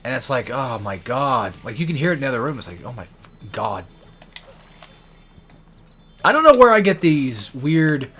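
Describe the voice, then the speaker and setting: Young adult male let's player, casual profane ranting, mid-pitched voice. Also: a bit bright. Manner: profane, ranting, frequent swearing. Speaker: let's play gamer. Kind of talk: rambling gameplay commentary.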